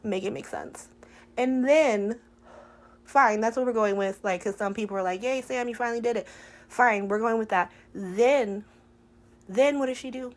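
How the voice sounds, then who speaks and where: A woman's voice: medium pitch, a little slow, low-quality recording. A woman hosting a casual soap opera recap from home, talking in a sassy, exasperated way full of rhetorical questions.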